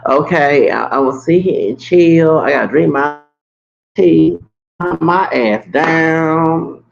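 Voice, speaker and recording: A man's voice: a little high, takes it slowly, vocal fry, muffled recording. A man in his late forties ranting to his viewers in a heated, rambling monologue, swearing and restarting his sentences. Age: 40s. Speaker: vlogger.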